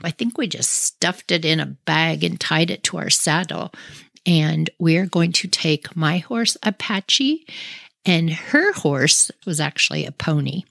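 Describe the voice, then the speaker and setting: Woman telling a story, chatty and animated, bit of vocal fry, dry close mic. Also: sits low, a little slow, no echo. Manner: animated, with sound effects and acted-out quotes. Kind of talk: casual spoken storytelling.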